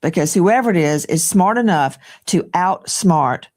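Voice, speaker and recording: A woman's voice: on the low side, lively intonation, a little slow, a little mellow. A woman co-hosting a case discussion, laying out a timeline point by point and asking for agreement. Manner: analytical, lays out a timeline point by point.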